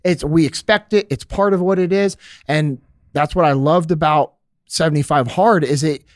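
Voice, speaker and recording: A man speaking as a podcast guest, earnest and steady, with frequent filler words. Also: a little high, moderate pace, dry recording, studio quality. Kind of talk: casual podcast chat.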